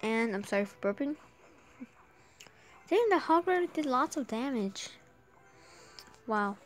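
High-pitched woman gamer, sore throat, getting a cold, cheering her game on out loud. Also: a little slow. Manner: excitable, urging the game on aloud. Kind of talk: live gameplay commentary.

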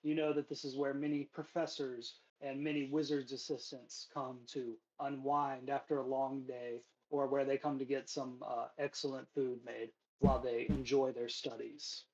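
A man narrating a tabletop game as game master, relaxed and filler-heavy. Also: mid-range voice, normal speed, hardly any pauses, lo-fi sound.

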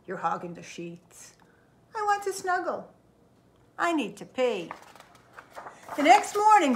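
A woman librarian reading a picture book aloud to children, expressive and chatty, often checking in with "right?". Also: fairly high pitch. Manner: lively, expressive storytelling with frequent "right?".

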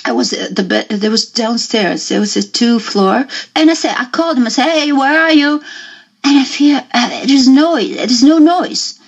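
A woman telling a personal story in a radio interview, talking haltingly and with feeling, often acting out what people said. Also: high voice, slightly rough. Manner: halting and emotional, acts out quoted dialogue. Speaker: interview guest. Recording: muffled lo-fi radio audio.

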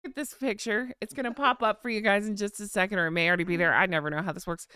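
A woman's voice: mid-range voice, fairly even intonation, racing, pushed and bright, clear, resonant tone, no room sound, clean studio sound. An American woman hosting a live chat, chatting casually, reading viewer comments and sighing with vocal eye rolls. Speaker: live stream host.

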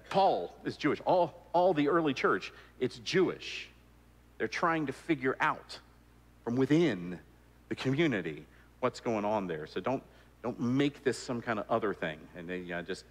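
A man giving a conversational sermon, with frequent restarts and fillers. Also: medium pitch. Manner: conversational, repeats words, many fillers and restarts. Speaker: preacher. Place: church sanctuary. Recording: long church reverb.

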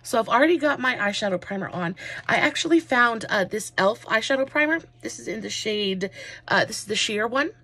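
A woman's voice: fairly high pitch, expressive, fairly quick, bright, forceful tone, slightly rough. A woman chatting through a makeup tutorial, rambling and gushing with lots of fillers. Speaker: makeup vlogger.

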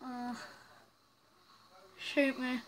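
Girl gamer chatting away over her playthrough, pretty high voice, loose and rambly. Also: flat delivery, extremely slow, rough recording. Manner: chatty, rambling, reacting aloud to the game. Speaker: gaming channel host. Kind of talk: casual let's-play commentary.

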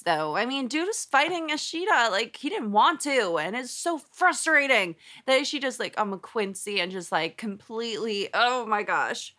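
A young woman reacting to an anime episode, expressive and exasperated, with frequent gasps and groans. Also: sits high. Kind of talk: live reaction commentary.

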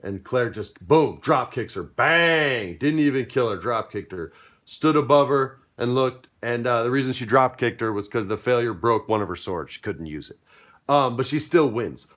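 An upbeat man runs a pirate tabletop game, explaining rules and narrating the action. His voice sits at an everyday middle pitch, and his tone is playful and chatty. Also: animated, moderate pace, fairly bright tone. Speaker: game master.

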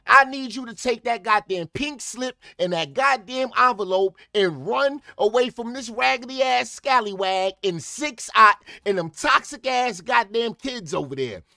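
A man giving profane comedic reaction commentary, ranting and breaking into sudden shouted outbursts. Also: very high-pitched, vocal fry, no echo, studio quality.

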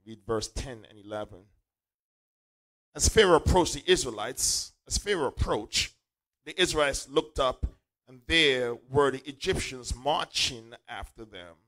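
A man's voice: medium pitch, lively intonation, a little slow, fairly bright tone, low-quality recording. Man preaching a call-and-response sermon. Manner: call-and-response preaching, repeating lines for emphasis. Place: church.

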